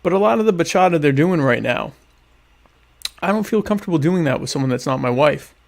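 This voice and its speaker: Deadpan guy rambling thru listener questions while he eats, gravelly voice, lots of restarts. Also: a little high, brisk. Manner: talks while eating dinner. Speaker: podcast host. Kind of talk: casual solo chat answering listener questions.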